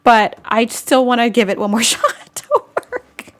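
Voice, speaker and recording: A woman's voice: a little high, steady tone, measured pace. A woman vlogger hosting a casual live-stream chat, chatty and giggly as she answers viewer comments.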